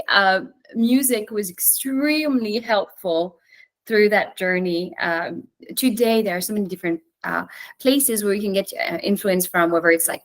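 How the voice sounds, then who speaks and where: A woman in her forties whose first language is French, teaching English to learners in a chatty, friendly way with small laughs and restarts. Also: medium pitch. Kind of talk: talking to a class of learners.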